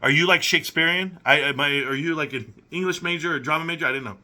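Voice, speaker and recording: Sarcastic man with a sharp, bright voice. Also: a little high, fast talker. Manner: sarcastic, incredulous, questioning. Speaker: commentary channel host. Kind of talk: reaction commentary reading messages aloud.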